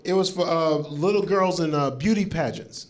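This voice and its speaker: A man's voice: fairly high pitch, moderate pace. A male stand-up comedian from Florida telling a story on stage, acting out what people said, with laughing asides. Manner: animated storytelling with acted-out quotes and laughing asides. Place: comedy club stage before a live audience. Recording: live club recording with crowd laughter. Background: audience laughter.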